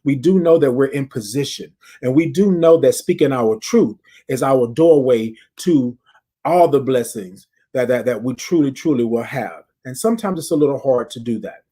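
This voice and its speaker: A man's voice: medium pitch, lively intonation, moderate pace, warm tone, husky. A man hosting a casual live-stream check-in, leading his listeners through breathing exercises and talking straight to them with lots of repeated phrases. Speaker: podcast host.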